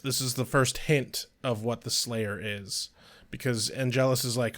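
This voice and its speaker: A man's voice: medium pitch, fairly even intonation, unhurried, a bit bright. A man co-hosting a podcast, breaking down characters in analytical casual chat. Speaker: podcast co-host.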